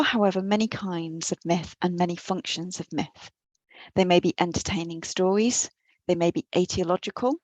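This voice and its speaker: A woman delivers an academic lecture in a low voice, earnest and a little self-deprecating, now and then restarting a phrase. The sound is dry and close, as if recorded at her computer. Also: a little mellow, no room sound, low-quality recording. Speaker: guest lecturer. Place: her office at home or work, on a computer.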